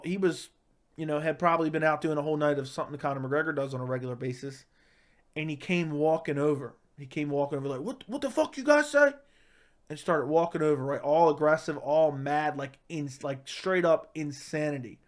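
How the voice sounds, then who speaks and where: A man telling a comic story in a deadpan tough-guy way, with lots of "right?" and "like". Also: fairly high pitch, a little fast. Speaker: comedic storyteller. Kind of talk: casual storytelling monologue.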